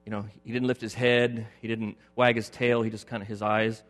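A middle-aged male pastor preaching a sermon, moving from loud emphatic points to a quiet personal story. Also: lowish voice, little pitch movement, brisk. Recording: long hall reverb with faint music.

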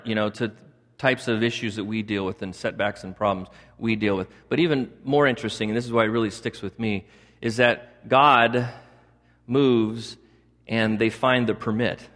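A man's voice: medium pitch, fairly bright tone. A male pastor preaching a sermon, repeating points for emphasis and adding chatty asides. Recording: long reverb of a large hall.

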